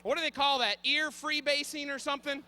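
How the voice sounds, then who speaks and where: A man in his thirties telling a comic story on stage, animated and frantic, bursting into shouts. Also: very high-pitched, brisk. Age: 30s. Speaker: comedian.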